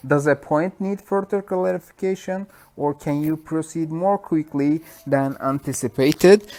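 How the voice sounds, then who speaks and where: A man's voice: a little high, measured pace, hardly any pauses, a little mellow. A man with a Turkish accent, a university lecturer, giving a self-recorded lecture in a conversational way, with many fillers and self-corrections. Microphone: self-recorded lecture mic.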